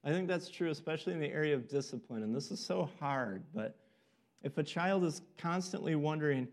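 Man giving a sermon, earnest, slightly high voice, acts out the characters. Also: fairly quick. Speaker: preacher.

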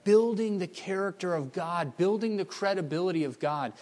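A man preaching a sermon as a missionary, telling stories in an animated, emphatic way. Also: sits high, normal speed. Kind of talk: storytelling sermon.

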